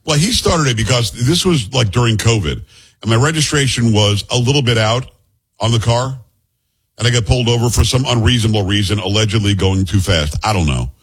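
Middle-aged male radio host, husky, talks fast, casual jokey banter. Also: mid-range voice. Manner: chatty, jokey, rapid-fire asides. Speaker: radio talk show host. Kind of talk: casual on-air chat. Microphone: studio microphone.

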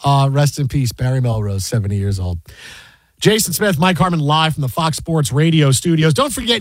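A man hosting a sports radio show, telling a story in a rambling, animated way with many fillers and restarts, in a studio. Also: a little high, moderate pace, dry recording. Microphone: studio mic.

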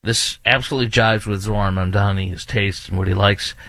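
A man's voice: on the low side, fairly even intonation, fairly quick, gravelly, fairly bright tone, dry recording. A man hosting an opinionated commentary monologue, indignant and repetitive, with many fillers and restarts. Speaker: political commentary host.

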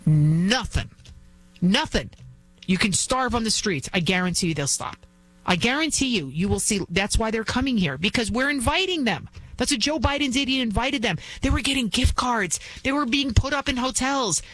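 A woman's voice: on the high side, animated, brisk, fairly bright tone. A woman filling in as host of a talk show, delivering a fervent opinion monologue full of repeated rhetorical questions. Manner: acts out quoted voices while retelling.

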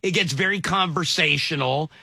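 Bright husky-voiced male radio host. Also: fairly high pitch, moderate pace, no echo, clean studio sound. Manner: teasing, laughs often. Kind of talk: casual morning radio banter.

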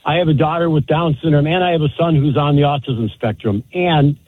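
A middle-aged man calling in to a radio talk show, heard over a tinny phone line. His voice is a little husky. He speaks warmly and in a measured way, full of gratitude. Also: fairly high pitch. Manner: warm, grateful, measured. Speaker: caller.

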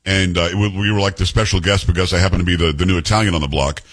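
A man hosting a talk radio show, chatting casually and telling stories with lively, mimicking delivery. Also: deep voice, quick pace. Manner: animated storyteller, mimics voices in quotes.

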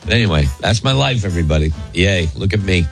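A man's voice: low voice, animated, fast talker, gravelly, faint music behind. A middle-aged man hosting a radio show, telling rambling, self-mocking stories full of restarts and oaths. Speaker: radio host. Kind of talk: casual radio banter.

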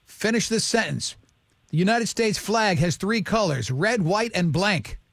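High-voiced chatty radio host man. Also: animated, creaky, a bit bright, no room sound, studio quality. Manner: chatty, teasing, quick asides. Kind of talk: casual radio banter, quiz hosting.

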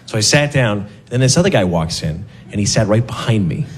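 Lively man doing self-mocking stand-up. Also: on the low side, fairly quick, very noisy. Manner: deadpan, self-mocking, bursts into loud voices. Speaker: stand-up comedian. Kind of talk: stand-up routine.

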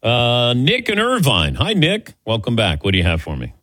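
A man's voice: mid-range voice, huge pitch swings, moderate pace, a bit bright, no echo. A man hosting a sports radio talk show, wry and self-deprecating in casual chat. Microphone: studio microphone.

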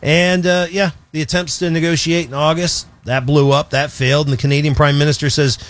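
A man co-hosting a radio show in casual on-air chat, animated and jokey, often restarting his sentences. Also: a little high, fairly quick. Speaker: radio co-host.

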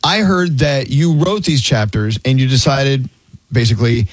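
A man's voice: medium pitch, normal speed, no room sound. A man hosting a talk show, asking probing and playful questions. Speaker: interview host.

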